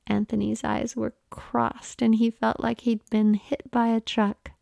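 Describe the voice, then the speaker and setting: A woman reads an erotic story in a hushed, unhurried whisper. Her voice is dark and gravelly, recorded close and dry. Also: fairly high pitch, little pitch movement, dry recording. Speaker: audiobook narrator.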